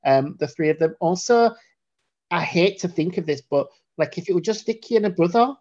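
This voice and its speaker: A man's voice: high-pitched, lively intonation, a little fast, a little mellow, highs cut off. A man co-hosting a casual film discussion podcast, talking bluntly and swearing freely. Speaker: podcast co-host.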